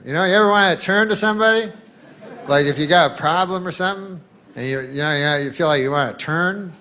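A middle-aged man from Canada tells a long, meandering stand-up story in a flat, deadpan way. His voice sits fairly high, and he slips into mock newsman voices along the way. The live recording carries a clear layer of noise and audience laughter. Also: fast talker. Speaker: stand-up comedian.

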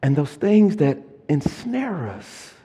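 A middle-aged man, a pastor preaching a sermon and swinging between quiet, low passages and loud, emphatic lists. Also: big pitch swings, slow, breathy edge. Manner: preaching with rising and falling intensity, stressing word lists. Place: church sanctuary. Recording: long church hall reverb.

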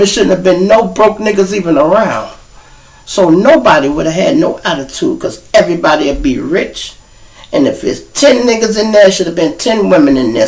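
A man runs his own live show, telling stories straight to his audience. His voice sits a little high for a man, and he swings from low mutters to sudden loud outbursts. He cusses freely all the way through. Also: rough recording. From Chicago. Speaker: show host and storyteller. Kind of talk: casual monologue to a live audience. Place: home room.

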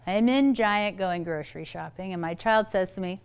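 A middle-aged woman psychologist giving a playful, lively talk on parenting to an audience, with quick asides. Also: mid-range voice, clear, resonant tone. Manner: playful, quick asides, acts out quoted voices.

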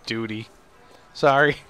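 A man's voice: medium pitch, extremely slow, gravelly, sharp tone. A young man joking and laughing as he comments on a video game. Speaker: gamer. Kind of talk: let's play commentary.

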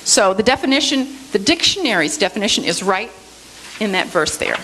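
A woman's voice: medium pitch, lively intonation, fairly quick, a bit bright, a little hiss or hum, low-quality recording. A woman giving a church Bible study lecture, explaining word meanings and checking in with her listeners with a frequent "okay?", with light self-deprecating humor.

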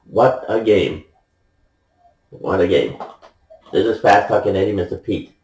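A man slowly reading out scores like a sideline reporter, laughing and choked up. His voice sits back from the mic in a roomy space. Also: on the low side, a little mellow, recorded from a distance. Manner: emotional, laughing, half-joking reporter act. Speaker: gamer narrating his own match. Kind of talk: casual sideline-style game recap.

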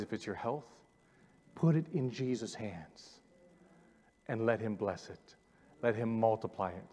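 A man's voice: fairly high pitch, a little mellow. A pastor in his forties preaching a sermon with a personal testimony, earnest, repeating words and inviting the congregation forward. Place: church sanctuary. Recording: long reverb of a church hall.

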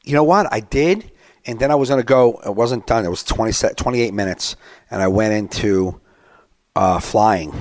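A man in his thirties, a stand-up comedian telling a story on a podcast, animated and acting out his own rants. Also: fairly low pitch, moderate pace, dry recording. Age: 30s. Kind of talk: casual podcast chat.

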